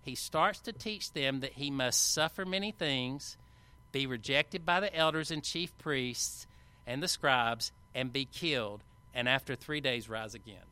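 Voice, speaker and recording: A man preaching a sermon, retelling a Bible passage with animated, acted-out quotes and casual asides. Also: medium pitch, a little slow, clear, resonant tone. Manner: animated Bible storytelling, acting out quoted lines; conversational asides with fillers.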